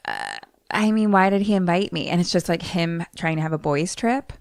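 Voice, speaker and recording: Young female co-host, clear lowish voice, playful, dry close mic. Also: normal speed, no room sound. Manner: teasing, laughs often. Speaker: podcast co-host. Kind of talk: casual chat.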